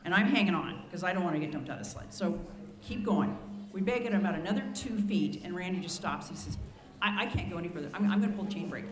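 Animated storytelling woman in an echoey room. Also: fairly low pitch, fast. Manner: animated anecdotal, many restarts and asides. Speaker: ski patroller telling stories. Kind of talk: storytelling to a gathering.

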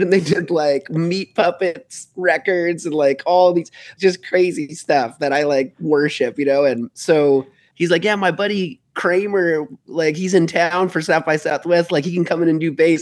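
A man, a musician being interviewed, talking in a rambling, casual way with many fillers. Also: on the high side. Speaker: musician guest.

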